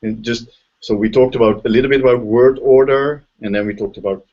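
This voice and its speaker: A man's voice: medium pitch, steady tone, a little fast. A man with a Dutch accent, a linguistics professor who explains ideas step by step over a video call and often checks in with "right?". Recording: dull lo-fi video call audio.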